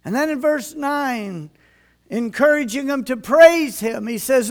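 An older man preaches a homespun sermon in an unusually high voice for a man. His delivery is slow and unhurried, with a gravelly edge. He reads old scripture in a measured King James cadence. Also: expressive. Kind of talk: folksy sermon with scripture reading.

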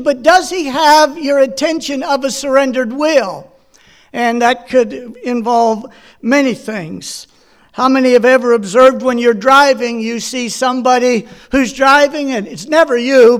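A middle-aged man preaching a sermon, telling folksy personal stories and asking the congregation questions. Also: extremely high pitch. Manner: folksy storytelling with personal anecdotes. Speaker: pastor.

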